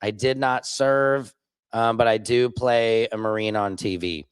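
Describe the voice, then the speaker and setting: A man's voice: medium pitch, steady tone, a little slow, smooth, dry recording. A man hosting a live stream, reading viewer comments and answering them bluntly and sarcastically. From Missouri. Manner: blunt, sarcastic, reacts loudly to clips.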